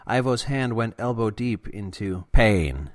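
A man with a low voice narrates a serial story at a steady, deliberate pace. The recording is close and dry, with no room sound. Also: no echo.

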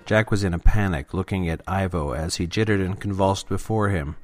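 A man narrating a serial story in a steady, deliberate reading. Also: deep voice, faint music behind.

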